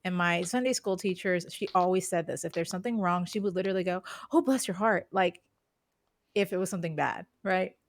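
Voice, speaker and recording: A woman's voice: lowish voice, steady tone, fairly quick, no echo, clean studio sound. A woman co-hosting a casual podcast chat, laughing often and acting out phrases she quotes. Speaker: podcast co-host. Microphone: podcast microphone, streamed live.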